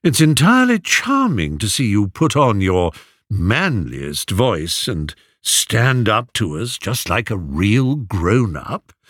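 A man voicing an older male suitor in a storybook who speaks with smooth, mocking politeness. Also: lowish voice, big pitch swings, slow, a bit bright, no room sound, studio quality, heavily acted. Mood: condescending. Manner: drawling, mock-polite.

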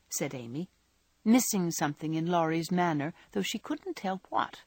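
A woman narrating a classic novel in a measured, descriptive reading voice. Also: on the low side, animated, a little mellow, dry recording. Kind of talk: audiobook narration.

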